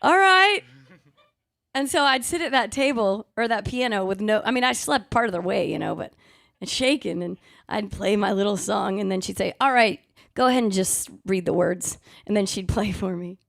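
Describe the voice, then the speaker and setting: A woman's voice: medium pitch, animated, moderate pace, creaky, fairly bright tone, no echo, studio quality. A woman singer chatting casually and telling stories between songs on a live music show. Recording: live music playing behind the voice.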